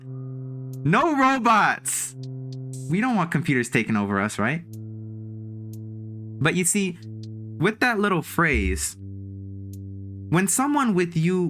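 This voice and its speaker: Animated low-voiced woman streamer. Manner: animated, emphatic, playful with swooping exclamations. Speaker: livestreamer. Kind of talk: casual motivational talk to a live chat. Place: room in a house.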